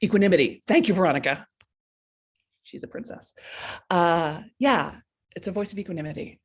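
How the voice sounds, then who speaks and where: Speaking at a moderate pace in a lowish voice with a breathy edge, a woman hosts a live coaching stream over a webcam or laptop mic. She talks to viewers bluntly and casually in a lively motivational style, voicing what goes on in their heads.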